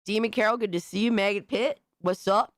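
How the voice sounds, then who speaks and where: A young-sounding man streams live and chats to his viewers in a hoarse, worn voice after being sick. He talks in bursts of excitement, swears freely and keeps giving shout-outs. His voice sounds close and dry. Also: high-pitched, fairly quick, no echo. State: hoarse, recovering from illness. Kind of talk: casual live-stream chat.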